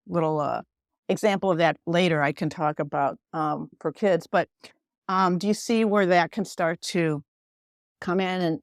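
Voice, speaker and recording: A woman talking as a podcast guest about mindfulness, in a gentle, reflective way with many fillers. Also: fairly low pitch, dry recording, clean studio sound. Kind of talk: casual interview talk.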